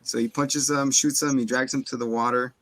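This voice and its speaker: A man's voice: medium pitch, level tone, a little fast, a bit bright, no echo. A man co-hosting a casual movie review, rambling through the plot and acting out characters' lines. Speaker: podcast co-host.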